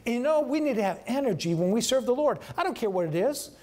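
A middle-aged man preaching a sermon in a church, emphatic and animated, repeating his key phrases. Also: very high voice, fast talker. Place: church sanctuary.

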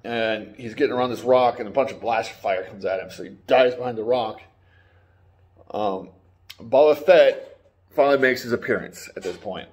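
A man's voice: medium pitch, normal speed, a little mellow. A man giving a casual, rambling spoiler recap of a TV episode, swearing now and then and acting out the characters' lines. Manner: rambling, swearing, acts out quotes. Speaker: YouTube reviewer.

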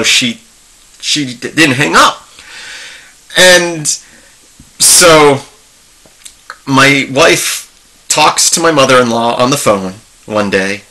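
A middle-aged man with a mid-range, pushed and bright voice hosts a casual tech video. He talks through a screen share in a rambling, chatty manner, often restarting sentences and saying "um."

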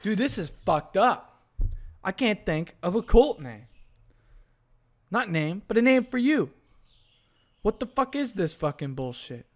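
A young man talks alone into his podcast mic with a somewhat high voice. He swears constantly and rambles, losing his train of thought and starting over. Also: very animated, measured pace, long pauses. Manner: profane, rambling, self-interrupting. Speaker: podcast host. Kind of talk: solo podcast rant.

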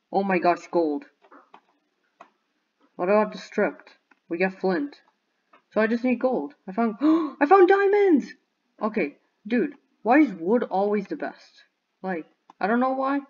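A young woman giving bubbly, excitable commentary on a video game and cheering at her finds. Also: mid-range voice, lo-fi sound. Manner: bubbly, excitable, squeals and shouts in surprise. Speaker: gaming YouTuber.

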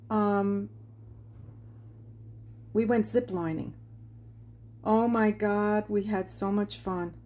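A woman's voice: medium pitch, a little mellow. A woman hosting a watercolor craft tutorial, chatting casually and laughing as she tells stories while she paints. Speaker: craft channel host.

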